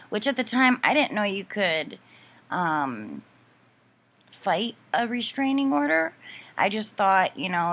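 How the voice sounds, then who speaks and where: A woman ranting straight to camera in a casual storytime, swearing freely and sounding fed up. Her voice sits a little low for a woman but has a bright, forceful edge. She rambles and circles back with plenty of fillers. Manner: profane, exasperated and indignant. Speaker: vlogger.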